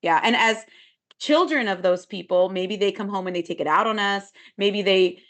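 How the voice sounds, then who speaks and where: A woman's voice: mid-range voice, moderate pace, fairly bright tone. A woman therapist who is a podcast guest, speaking in a thoughtful, reflective way in casual chat.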